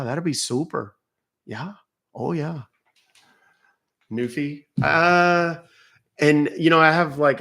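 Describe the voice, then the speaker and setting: A man's voice: mid-range voice, a bit bright. A middle-aged man from Texas, hosting a live stream in casual, joking, profane and rambling chat.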